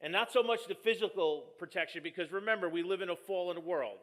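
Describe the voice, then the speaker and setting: A pastor delivers a relaxed, conversational sermon in a bright, forceful voice pitched a little above the usual for a man. He tells stories and pokes fun at himself as he goes. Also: fast. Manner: joking, storytelling, self-deprecating.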